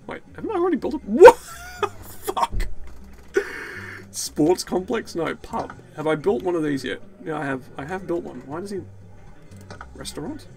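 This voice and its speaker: A man talks through his game in a loose, rambling stream of commentary, cursing and joking as he goes. His voice sits somewhat high and swings widely up and down. Faint game music plays underneath. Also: very animated, a little fast, creaky, a little mellow. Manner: rambling, swearing, jokey. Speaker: gaming video host. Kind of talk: let's play commentary.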